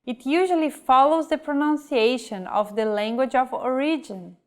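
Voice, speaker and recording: A woman teaching a scripted pronunciation lesson, reading example words slowly and carefully. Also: high voice, animated. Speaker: language teacher.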